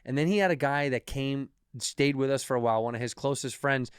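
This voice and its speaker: A male podcast co-host in casual comedic chat, tossing in quick profane wisecracks and telling his own stories. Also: medium pitch, clean tone, no room sound, studio quality.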